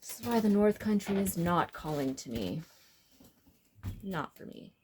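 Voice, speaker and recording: A woman's voice: lowish voice, very animated, unhurried, a little mellow, a little hiss or hum. A woman vlogging casually from her camper, talking to herself in a candid, chatty way about cleaning and a road trip. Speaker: van-life vlogger. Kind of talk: casual vlog chat.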